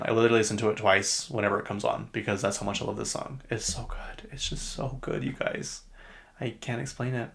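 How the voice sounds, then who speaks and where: A man's voice: lowish voice, vocal fry, fairly bright tone. A man with a Utah accent hosting a podcast, rambling through casual pop-culture chat. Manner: rambling and chatty, with frequent fillers. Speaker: podcast host.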